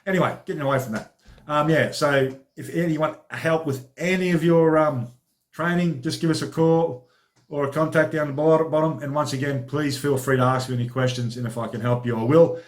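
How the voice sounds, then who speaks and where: Chatty man with a slightly high voice, hosting a training vlog. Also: fairly even intonation, fairly quick. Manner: chatty, informal, upbeat, peppered with "alrighty". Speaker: personal trainer and vlog host. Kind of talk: casual training diary vlog.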